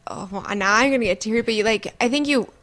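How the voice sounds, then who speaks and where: A young woman co-hosting a podcast, speaking gently and reflectively and asking probing questions. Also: fairly high pitch, fast talker. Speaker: podcast co-host. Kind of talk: casual chat.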